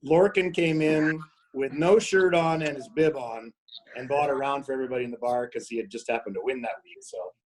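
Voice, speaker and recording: A man's voice: medium pitch, a little fast, a little mellow, a little hiss or hum, rough recording. A man on a casual podcast, teasing the others with exaggerated stories.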